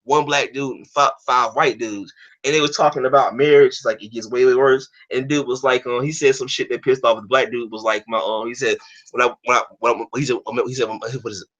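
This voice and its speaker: A man chatting casually on a stream, telling an animated story full of profanity and restarts. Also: medium pitch, brisk, muffled recording. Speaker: stream co-host. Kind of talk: casual chat.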